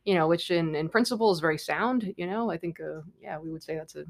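A woman scientist joins a relaxed podcast chat. She drops dry, wry asides and explains technical points in an easy, matter-of-fact way. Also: on the low side, fast. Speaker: scientist guest.

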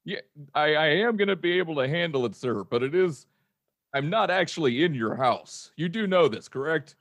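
A man's voice: on the high side, animated, normal speed, fairly bright tone. A man voicing an overly polite male internet-provider phone rep with an odd put-on accent in an improvised comedy scene. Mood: polite formal.

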